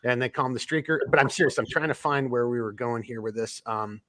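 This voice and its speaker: A man's voice: mid-range voice, quick pace, pushed and bright, no room sound, studio quality. A man hosting a live podcast, reading chat comments and rambling with many restarts. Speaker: podcast host. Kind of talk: casual live-stream chat.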